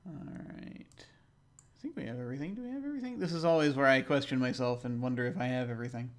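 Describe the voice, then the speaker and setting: A man's voice: medium pitch, fairly even intonation, brisk. A man giving casual, chatty gameplay commentary who laughs often and talks to himself. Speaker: game streamer.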